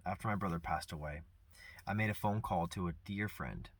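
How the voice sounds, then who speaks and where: A man speaking earnestly and reflectively about grief and forgiveness, soft-spoken with pauses. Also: low-pitched. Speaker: vlogger sharing personal grief. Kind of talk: reflective personal talk.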